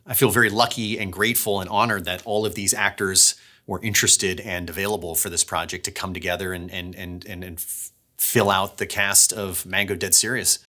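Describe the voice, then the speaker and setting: A man who creates audio dramas, chatting casually behind the scenes and telling stories in a lively way that sometimes restarts its phrases. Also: on the low side. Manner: chatty, storytelling, restarts phrases when excited.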